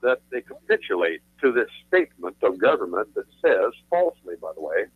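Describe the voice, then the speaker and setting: A male attorney guest on a radio talk show speaks briskly in a low, husky, animated voice. He lectures emphatically on his views and repeats phrases for stress. The sound is a tinny, dry phone line with no room sound.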